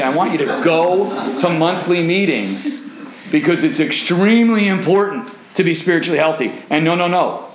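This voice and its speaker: In a room with noticeable echo and a little hiss or hum, a man with a fairly low, somewhat bright voice teaches the Bible to a group of young singles. His style is relaxed and conversational, full of questions to the group and jokes.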